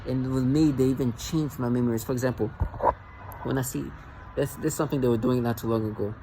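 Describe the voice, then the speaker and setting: A man's voice: mid-range voice, steady tone, brisk, noisy background. A man vlogging alone in a rambling, agitated and mocking rant, often stumbling and restarting his sentences. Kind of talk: rambling monologue to camera.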